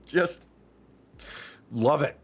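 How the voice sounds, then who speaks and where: A man co-hosting a podcast in casual chat, excitedly recapping wrestling matches and swearing freely. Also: a little high, drawn-out words, husky. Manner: excitable, profane, recaps matches with acted-out quotes. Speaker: podcast co-host.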